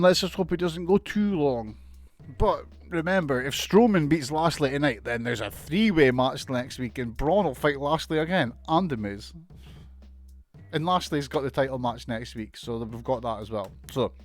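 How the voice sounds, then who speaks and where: A man's voice: fairly high pitch, moderate pace, faint music behind. Sweary sarcastic man reviewing wrestling. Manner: sweary, sarcastic, laughs often. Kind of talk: casual recap commentary.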